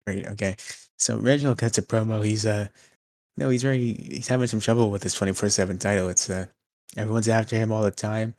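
Deadpan low-voiced young man recapping. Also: fairly quick, no echo. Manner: dry, deadpan, steers the recap. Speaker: podcast co-host. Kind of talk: casual wrestling recap.

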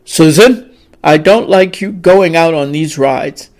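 A man's voice: fairly high pitch, slow pace. A woman voicing a stern, worried middle-aged plantation-owner father who bellows his words. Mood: stern scolding. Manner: bellowing, loud and blustery.

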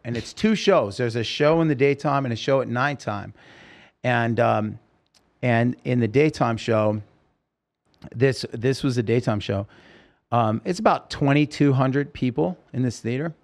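Fifties rock singer as guest, storyteller who acts out every line, mid-pitched voice. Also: male voice, unhurried. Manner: animated storyteller, acts out dialogue. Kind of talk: storytelling interview.

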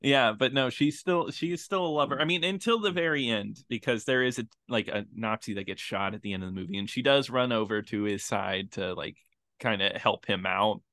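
A man's voice: lowish voice, fairly quick, dry recording. A man co-hosting a movie podcast, talking casually and animatedly about a film. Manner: animated, laughs often. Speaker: podcast co-host. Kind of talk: casual movie review chat.

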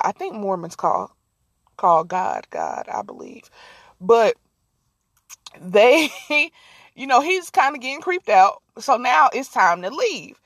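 A woman hosting a casual storytelling podcast, animated and slangy, laughing often. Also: mid-range voice, unhurried, dry recording. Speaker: podcast host.

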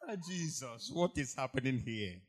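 A man preaching a sermon, telling stories and acting out the voices of the people in them, moving from hushed asides to loud cries. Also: medium pitch, normal speed. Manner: animated storytelling, acts out quoted voices, swings from hushed to shouted. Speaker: pastor.

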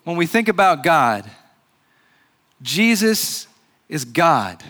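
A man preaching a sermon as pastor, earnest and measured, pausing and restarting often. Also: fairly high pitch, very animated, bright, forceful tone. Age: adult with a grandfather recently passed.

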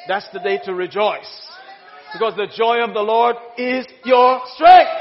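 A pastor preaching an exuberant, laughing sermon in a large church hall. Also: male voice, high voice, moderate pace. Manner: exuberant, laughing, exclaims hallelujah. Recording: muffled sound, long hall reverb.

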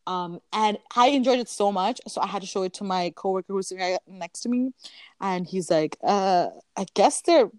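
Young woman co-host, animated storyteller, acts out quotes, laughs easily; dry, close recording. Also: mid-range voice, fairly quick, dry recording. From Canada. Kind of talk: casual chat.

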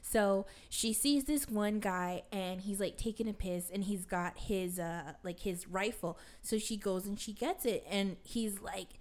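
A woman's voice: medium pitch, a little slow, hardly any pauses, darkish tone. A young adult woman casually retelling a film to a friend, rambling with constant fillers and casual swearing. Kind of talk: casual chat.

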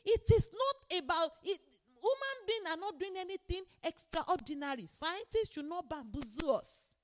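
A woman's voice: extremely high pitch, animated, moderate pace. A woman preacher delivering an emphatic sermon and repeating key phrases for weight.

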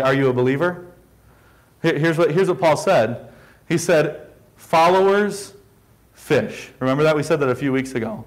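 Male pastor, high-pitched, emphatic sermon delivery full of rhetorical questions. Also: lively intonation, normal speed, low-quality recording.

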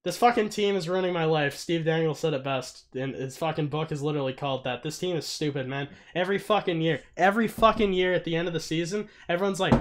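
A young man with a fairly high voice co-hosts a casual sports chat. He rants in bursts and swears constantly, getting louder as he heats up. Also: fast, hardly any pauses. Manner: ranting, heavy swearing, excitable. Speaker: podcast co-host.

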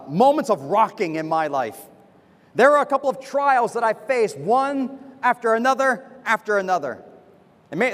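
A man, a pastor giving a sermon from the pulpit in fast, animated personal storytelling. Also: high voice, in a large hall. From United States. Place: church with a pulpit.

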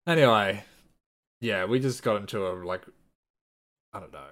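Laid-back lower-voiced podcast man. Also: moderate pace. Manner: relaxed, laughs easily, swears casually. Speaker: podcast co-host. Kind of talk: casual chat.

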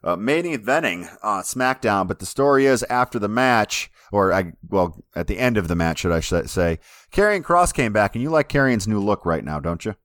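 A low-pitched man co-hosting a wrestling podcast in an easygoing, hesitant way, with plenty of uhs. He comes through a dry, close remote call mic. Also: lively intonation, normal speed, fairly bright tone, dry recording. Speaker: podcast co-host. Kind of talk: casual wrestling chat.

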